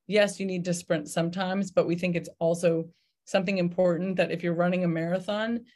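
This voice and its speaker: A woman's voice: lowish voice, steady tone, brisk, darkish tone. A middle-aged woman investor talking through her advice in a podcast interview, thoughtful, with many fillers and restarts. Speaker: venture investor guest.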